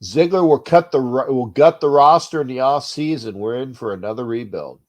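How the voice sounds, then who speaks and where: Man, stuffed-up nose, sports call-in host, rambling, mid-pitched voice, mutters then gets loud. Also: normal speed. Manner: rambling, restarts often, swings from mutter to loud. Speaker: sports talk show host. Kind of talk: uncensored fan rant show.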